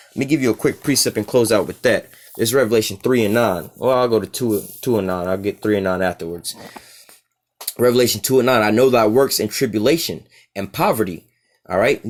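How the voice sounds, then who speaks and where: A man teaching from the Bible in a loose, slangy way. He reads the verses slowly and deliberately, then explains them in blunt everyday talk. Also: medium pitch. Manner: slangy, street-talk asides between slow verse readings. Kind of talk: informal scripture teaching.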